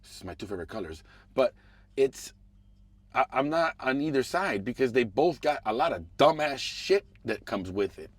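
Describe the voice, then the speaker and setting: A man hosting a podcast. He rants casually and profanely about politics, muttering one moment and shouting the next. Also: medium pitch, normal speed, slightly rough, no echo. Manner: animated, profane, swings between mumbling asides and raised outbursts. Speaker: podcast host.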